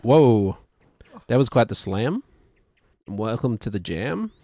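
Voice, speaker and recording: A man in his thirties with a New Zealand accent chats loosely while streaming a game. He thinks aloud and pokes fun at himself as he wanders from thought to thought. His voice sits at an ordinary middle pitch. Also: lively intonation, takes it slowly, warm tone. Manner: rambling and self-deprecating, thinking aloud. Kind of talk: casual gaming commentary.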